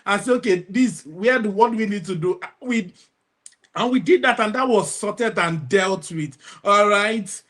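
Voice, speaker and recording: A woman's voice: mid-range voice, measured pace. Lady coach telling parenting stories, laughs a lot, does everyone's voices. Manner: laughs often, acts out other people's voices. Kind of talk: animated storytelling.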